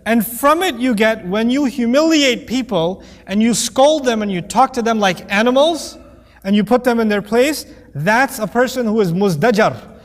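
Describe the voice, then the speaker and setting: Animated male teacher in a reverberant hall. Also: extremely high pitch, normal speed. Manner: animated, playful, acts out quoted voices. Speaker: Quran teacher. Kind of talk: lecture on Quranic Arabic.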